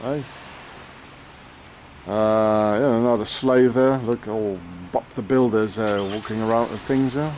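A man's voice: on the low side, steady tone, unhurried, darkish tone, a little hiss or hum. Ranting man outdoors in the rain. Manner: angry, rambling, swears, fills with "you know" and "eh?". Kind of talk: rambling outdoor rant to camera.

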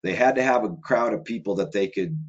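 A man with a very low voice talks at length in a loose, conversational way. He strings thoughts together with fillers and restarts. The recording sounds slightly dull and lo-fi. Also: a little fast, husky. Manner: rambling, run-on delivery with many filler words. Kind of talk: casual conversational monologue.

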